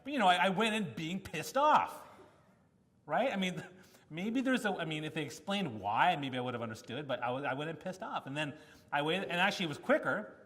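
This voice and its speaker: A man speaks at a conference in a lively storytelling manner and acts out the lines of people in his anecdotes. His voice sits a little higher than most men's. The sound carries the long reverb of a large hall. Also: brisk. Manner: animated storytelling with acted-out quotes. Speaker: keynote speaker. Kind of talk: conference talk.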